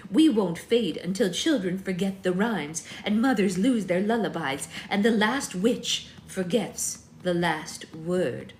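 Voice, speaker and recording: A woman doing a stern ancient witch crone, the voice of an old woman who has outlived libraries, slow, grave and commanding. It is a storybook reading with a bit of roomy echo around it. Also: medium pitch, lively intonation, slight background noise.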